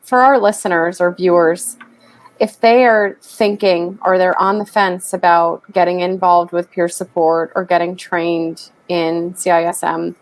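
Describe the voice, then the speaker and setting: A woman hosting an interview, asking measured, friendly questions. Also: on the low side, fairly even intonation, poor audio. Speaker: podcast host.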